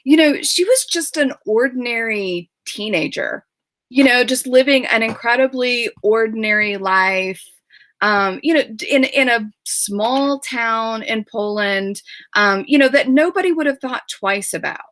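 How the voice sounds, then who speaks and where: A woman author in a video call interview, speaking with emotion in a halting way and often repeating words, near tears. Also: a little high, a bit bright. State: tearful.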